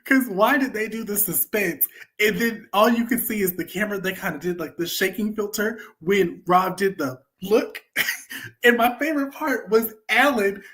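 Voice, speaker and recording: A woman co-hosting a podcast, giving sassy, expressive commentary in a casual reality-TV recap chat. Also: mid-range voice, normal speed. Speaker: podcast co-host.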